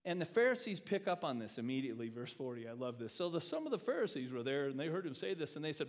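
A man preaching a sermon as pastor in a church, acting out quoted speech and swinging from loud, emphatic lines to quiet ones. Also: medium pitch, very animated, quick pace, few pauses. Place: church sanctuary. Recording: long reverb of a church hall.

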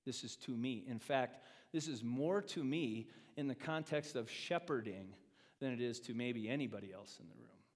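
Male pastor, lively sermon delivery that dips soft and rises loud, acts out the quotes; reverberant church room. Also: mid-range voice, normal speed. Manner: animated, acts out quoted speech, swings from loud to quiet. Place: church sanctuary. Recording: long reverb of a church hall.

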